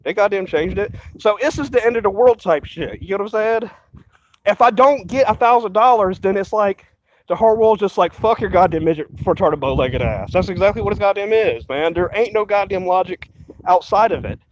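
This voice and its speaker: A man's voice: high voice, a little fast, dull audio, a little hiss or hum. A man vlogging in an agitated, rambling rant full of profanity and repetition. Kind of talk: rambling ranting monologue.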